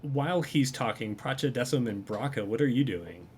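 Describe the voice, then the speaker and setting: A man's voice: mid-range voice, expressive, moderate pace, a little hiss or hum. A man casually narrating as game master of a tabletop game, rambling with frequent fillers.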